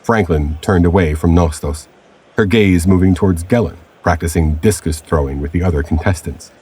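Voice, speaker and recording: Deep raspy guy narrating a story, slow and steady. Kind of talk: scripted narration.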